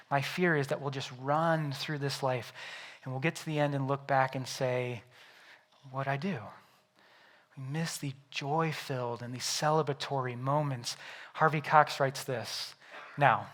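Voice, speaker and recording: A young man, a pastor, preaching a sermon in a conversational way, often tossing in "right?" and moving between lively storytelling and quiet reflection. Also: fairly high pitch. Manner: builds loud through storytelling, drops quiet and soft for reflection.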